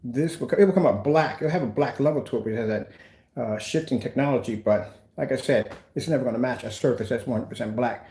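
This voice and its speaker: A man's voice: medium pitch, quick pace, mellow. Emphatic man in an echoey room. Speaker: small business owner. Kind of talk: casual vlog demonstration.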